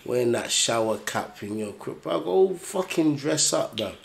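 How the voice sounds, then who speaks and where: A man's voice: medium pitch, animated, unhurried, vocal fry. A man giving blunt, profane, exasperated reaction commentary on a video.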